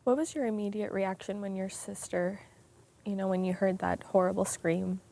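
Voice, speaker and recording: A woman hosting an interview, asking questions softly and reacting with quiet support. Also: medium pitch, fairly even intonation, normal speed, vocal fry. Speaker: host.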